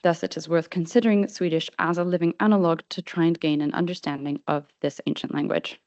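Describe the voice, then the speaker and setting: A woman presenting a paper at an academic conference, reading formal prose in a measured way. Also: low-pitched, steady tone, darkish tone, dry recording. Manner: formal, measured delivery with brief slide-control asides. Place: conference hall. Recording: dull, slightly lo-fi sound.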